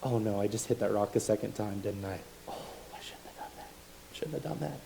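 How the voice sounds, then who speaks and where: Preacher voicing Moses, an aging prophet musing. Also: male voice, on the low side, moderate pace, background noise, natural voice. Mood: regretful.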